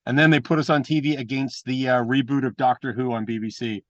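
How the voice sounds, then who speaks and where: Man, wrestler guest, rapid blunt storyteller, dry muffled audio. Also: mid-range voice, no echo. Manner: animated anecdotes with mimicked voices; profane and blunt. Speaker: guest, pro wrestler and trainer. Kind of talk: casual storytelling interview.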